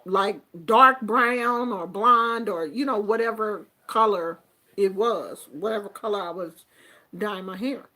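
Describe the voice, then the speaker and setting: A middle-aged woman chatting casually to her viewers, telling animated stories and laughing through them. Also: mid-range voice, unhurried. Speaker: YouTuber. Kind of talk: casual storytelling chat.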